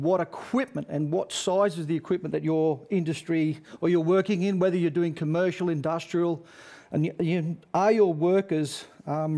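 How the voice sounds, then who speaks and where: A man's voice: fairly high pitch, mellow. A middle-aged man giving an earnest webinar presentation on workplace safety, repeating his key messages.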